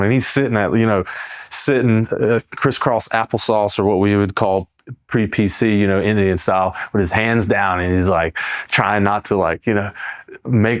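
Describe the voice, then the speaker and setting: A man in his forties, a former Marine from South Carolina, tells stories in a loose, rambling way with a slightly low voice. He leans hard on fillers and slang and often circles back mid-sentence. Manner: rambling, heavy on fillers like "like" and "bro". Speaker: Marine veteran guest. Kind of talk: casual storytelling.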